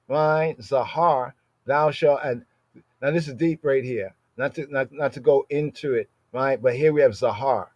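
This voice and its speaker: A man on a podcast teaching a Bible passage in a casual, conversational way. He checks in with "right?" after almost every phrase and slows down when he reads the verses aloud. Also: a little high, darkish tone. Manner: conversational, frequent "right?" tag questions.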